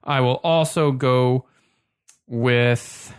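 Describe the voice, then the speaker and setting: A man hosts a casual podcast in a loose, joking way and often restarts his sentences. The sound is dry and close, with a mid-range pitch. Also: steady tone, drawn-out words, clear, resonant tone, no echo. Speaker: podcast host. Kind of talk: casual chat.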